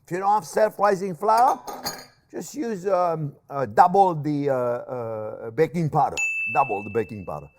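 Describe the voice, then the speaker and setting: Lively older chef with a tongue. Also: male voice, fairly high pitch, a little slow, background noise. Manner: chatty, animated, laughs at himself, calls viewers friends. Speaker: chef and cooking show host. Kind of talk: casual cooking demonstration.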